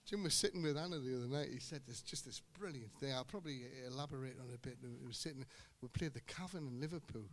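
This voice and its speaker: A middle-aged singer-guitarist telling rambling, joking stories between songs at a live gig. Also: male voice, medium pitch, quick pace, hardly any pauses, slight background noise. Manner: joking, anecdotal storyteller. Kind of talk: rambling stage banter. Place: live music venue on stage. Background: guitar music.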